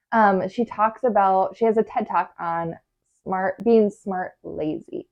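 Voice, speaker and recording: A woman's voice: medium pitch, muffled recording. A woman hosting a podcast, giving casual advice in a chatty way full of fillers and acted inner voices. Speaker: podcast host, organizing coach.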